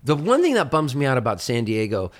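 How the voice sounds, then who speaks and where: A male singer-songwriter in casual conversation, telling stories, acting out other people's lines in a raised voice and dropping low and quiet on serious moments. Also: wildly swooping pitch, fast talker.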